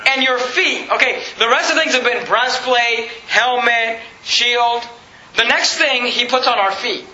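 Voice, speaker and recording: A man's voice: extremely high pitch, a little slow, sharp tone, reverberant, dull audio. A man pastor preaching a sermon, asking the congregation rhetorical questions and building emphasis. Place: church sanctuary.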